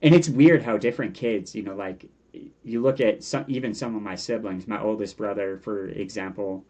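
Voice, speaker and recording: A man in his forties, a guest chatting casually in an interview, animated and often breaking off mid-thought to quote his younger self. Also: lowish voice, normal speed. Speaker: podcast guest.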